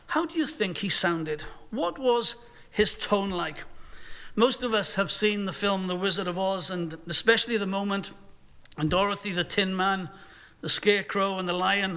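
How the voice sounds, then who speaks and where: Male pastor, earnest sermon delivery, high and ringing tone. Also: bright, forceful tone, clear, resonant tone. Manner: earnest, voices imagined speakers in quotes.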